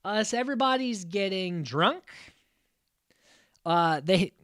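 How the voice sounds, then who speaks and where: A man talking through a reality show recap with a very lively, up-and-down voice. He sounds exasperated and swears casually. The recording is close and dry. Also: high voice, slow pace, clear, resonant tone, no room sound. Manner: animated, exasperated, swears freely. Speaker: podcast host.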